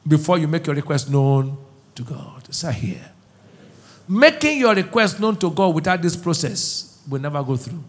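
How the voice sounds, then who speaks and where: Pastor guy, fairly high voice, preaching, gets the crowd to repeat, quiet then shouting. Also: sing-song, moderate pace. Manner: call-and-response preaching, swings between soft asides and shouted declarations. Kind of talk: sermon.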